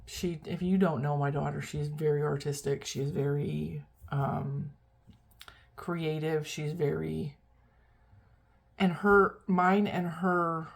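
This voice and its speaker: A middle-aged woman vlogging in a rambling, chatty, self-deprecating way, tired and yawning as she talks. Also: low-pitched. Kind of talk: casual chat.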